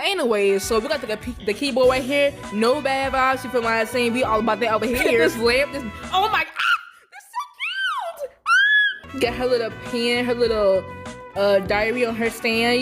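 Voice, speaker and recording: A young woman giving an excitable, giggly, slangy voice-over tour of a game build. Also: fairly high pitch, fairly quick. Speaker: vlogger touring a game build. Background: background music.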